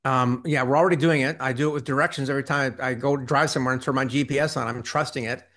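A man talking as a guest on an interview show, animated and quick, acting out quoted reactions in between. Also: medium pitch. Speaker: interview guest, ghostwriting business owner. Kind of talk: conversational interview.

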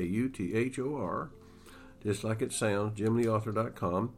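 A man, an author and guest, chatting casually and reading from his book in a folksy way, often clearing his throat. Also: on the low side, animated, a little slow.

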